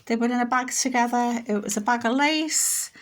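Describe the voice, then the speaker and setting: A woman's voice: fairly high pitch, moderate pace. A middle-aged woman, chatting casually on her home vlog, rambling and homely as she shows things around her house on a handheld camera. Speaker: vlogger.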